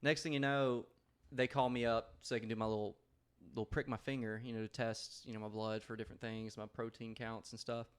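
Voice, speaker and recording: A man's voice: mid-range voice, little pitch movement, brisk, few pauses, clear, resonant tone. A man co-hosting a podcast, telling a rambling, laugh-filled story in casual chat with plenty of swearing. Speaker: podcast co-host.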